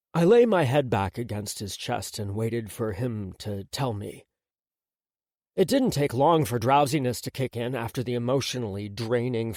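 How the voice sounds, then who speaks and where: A man narrating a first-person romance audiobook in an expressive, intimate way. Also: medium pitch, dry recording, studio quality.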